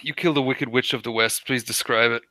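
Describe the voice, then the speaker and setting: A man's voice: mid-range voice, fairly even intonation, a little fast, sharp tone, dry recording. A young man running a tabletop game in a casual, easygoing way. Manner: casual, easygoing, laughs often. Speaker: game master.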